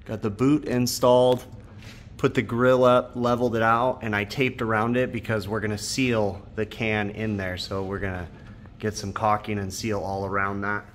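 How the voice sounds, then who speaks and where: A man hosting a casual DIY vlog, explaining his HVAC work step by step in a relaxed way with plenty of ums and uhs. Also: on the low side, normal speed, a little hiss or hum. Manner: relaxed, explanatory, many fillers like um and uh. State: out of breath. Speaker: HVAC technician and channel host.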